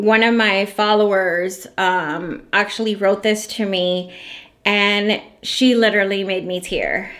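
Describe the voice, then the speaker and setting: A woman's voice: mid-range voice, a bit bright. A woman who makes candles and hosts her own channel, talking to her viewers in a heartfelt, effusive way. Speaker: candle maker and channel host. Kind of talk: casual vlog talk to viewers.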